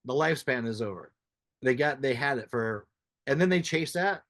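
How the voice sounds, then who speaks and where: A man's voice: mid-range voice, expressive, normal speed, fairly bright tone, no echo. A man hosting a podcast, chatting casually in a rambling, frank way that often restarts his thoughts. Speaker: podcast host. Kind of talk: casual interview chat.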